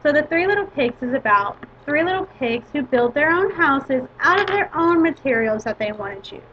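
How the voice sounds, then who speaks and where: A woman teacher giving a lesson to her class, explaining a story and an activity step by step in a measured way. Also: high-pitched, lively intonation. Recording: dull lo-fi recording with faint hiss.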